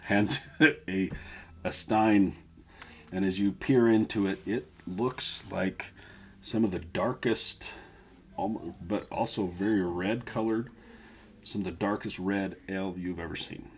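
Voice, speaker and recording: A man's voice: deep voice, measured pace. A man narrating a tabletop game as game master, laughing often as he describes the scene.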